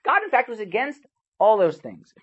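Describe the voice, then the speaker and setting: Husky male preacher, animated storytelling. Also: high voice, moderate pace, lo-fi sound. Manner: animated storytelling with sharp swings in loudness. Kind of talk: sermon.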